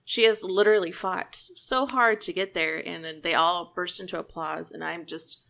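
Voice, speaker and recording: A woman's voice: fairly even intonation, moderate pace, creaky, sharp tone. A woman co-hosting a casual TV recap podcast. She is emotional and acts out scenes she describes. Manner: emotional, re-enacts scenes with high squeaky voices. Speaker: podcast co-host. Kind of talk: casual chat.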